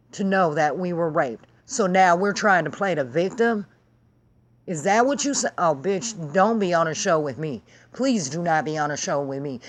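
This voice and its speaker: A woman vlogging to camera in a heated, sarcastic and profane rant. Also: lowish voice. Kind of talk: angry vlog rant.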